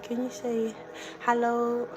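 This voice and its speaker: A young woman livestreams from her kitchen, chatting casually, laughing easily, and reading and answering viewer comments. Her fairly high voice is monotone and slow, on a low-quality recording with music clearly playing in the background.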